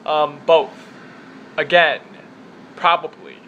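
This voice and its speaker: A man's voice: fairly high pitch, fairly even intonation, slow pace, a bit bright, dull audio, a little hiss or hum. A young man from the Chicago area with a Chicago accent, chatting casually and rambling through an accent-tag vlog in his apartment. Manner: chatty, rambling, self-deprecating. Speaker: vlogger. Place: apartment room with window open.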